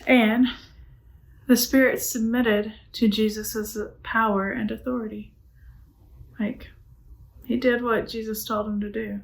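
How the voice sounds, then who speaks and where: A woman's voice: on the high side, little pitch movement, takes it slowly, vocal fry, long pauses, low-quality recording. Woman teaching a youth Bible class. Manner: asks the class questions and answers them herself; casual and conversational, with frequent "like". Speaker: middle school Bible teacher. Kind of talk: church youth Bible lesson.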